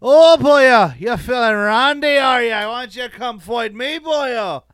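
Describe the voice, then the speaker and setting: A cocky Irish brawler, as a man puts him on, calling someone out in a high, loud, sing-song brogue. He sounds goading and pleased with himself, in a very dry, close recording. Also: unhurried, clear, resonant tone, no echo. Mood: taunting. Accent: Irish, put on. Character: brash Irish male fighter, taunting.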